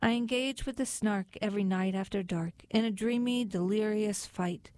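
A woman's voice: medium pitch, normal speed, a little mellow, dry recording, close to an everyday voice. A woman voicing a timid, tearful male baker in a storybook poem, anxious and plaintive.

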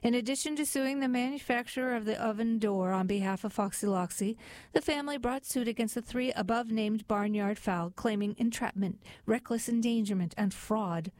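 A woman narrating a satirical storybook in a dry, deadpan reading. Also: a little high, fairly quick, dry recording.

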